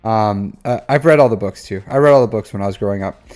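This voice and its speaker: A man's voice: fairly low pitch, fast, a little mellow. A man in his thirties hosting a live stream, chatting casually and teasing his viewers in a rambling, jokey way. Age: 30s. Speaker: live-stream host reviewing game accounts.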